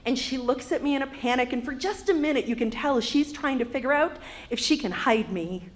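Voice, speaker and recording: A woman's voice: sits high, brisk. A woman in her fifties from Wisconsin, with a Wisconsin accent, telling a personal story on stage with a wry, humorous delivery. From Wisconsin, USA. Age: 50s. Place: arts center stage.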